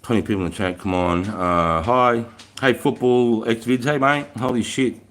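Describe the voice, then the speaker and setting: A man's voice: medium pitch, moderate pace, fairly bright tone. An Australian man in his forties, a retired soldier hosting a casual livestream, chatting with viewers, swearing freely and laughing often. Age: 40s.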